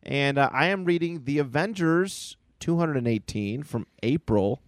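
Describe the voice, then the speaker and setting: A man's voice: fairly high pitch, normal speed, dry recording. A man co-hosting a casual podcast, enthusiastically retelling an old comic book aloud. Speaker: podcast co-host. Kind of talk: casual chat.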